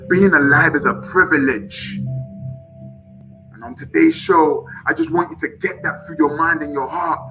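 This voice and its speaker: A man's voice: fairly high pitch, steady tone, moderate pace, over music, rough recording. A man hosting a live motivational show, leading chanted affirmations and breathing, preaching fervently and urging viewers to respond. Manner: fervent and preachy, swinging from shouts to soft whispers; leads call-and-response, urging viewers to repeat and type. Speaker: motivational live-stream host.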